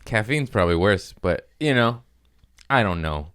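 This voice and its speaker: Give me a wired, profane comedian rambling alone into a studio mic, low voice that swoops all over. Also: male voice, normal speed, smooth. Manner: excitable, profane, laughs often, jumps topics. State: wired on caffeine. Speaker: comedian podcast host. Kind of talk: casual rambling solo monologue. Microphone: studio microphone.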